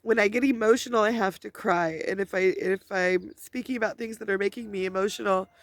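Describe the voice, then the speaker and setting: A woman's voice: medium pitch, steady tone, a little fast. A tearful woman giving an emotional personal monologue for her vlog, outdoors at a scenic spot, rambling and restarting her words. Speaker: spiritual vlogger.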